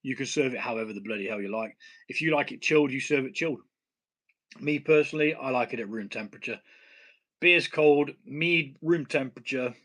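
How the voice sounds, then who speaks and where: A man's voice: mid-range voice, brisk, fairly bright tone. A man with a British accent hosting a casual home brewing live stream, blunt and swearing casually, laughing at himself. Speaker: home brewing channel host.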